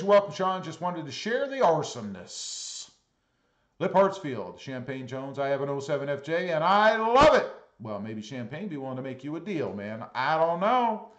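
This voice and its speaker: A man hosts a laid-back livestream and reads viewer comments aloud one by one. His voice sits a little high for a man and moves lively up and down. He greets each viewer in a friendly way and drops dry, teasing asides, recorded in an echoey room. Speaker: livestream host.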